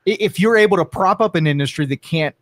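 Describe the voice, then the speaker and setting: Man, Ohio accent, talk radio regular, dry contrarian, slightly high pitch, close dry sound. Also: fast talker, no room sound. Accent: Northeast Ohio American. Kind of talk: casual talk radio banter.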